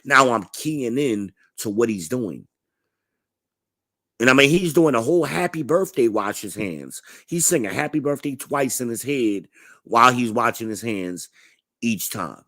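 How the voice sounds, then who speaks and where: A man's voice: medium pitch, lively intonation, measured pace, a bit bright, no room sound, studio quality. A man in his forties telling blunt, profane stories in a laid-back, casual vlog monologue. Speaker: vlogger.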